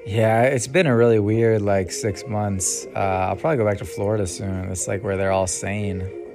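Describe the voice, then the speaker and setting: Low gravelly young man musing casually. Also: fairly even intonation, normal speed. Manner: casual, musing, trailing off with many ums and sighs. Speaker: podcast host. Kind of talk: rambling solo podcast monologue. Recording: music playing behind the voice.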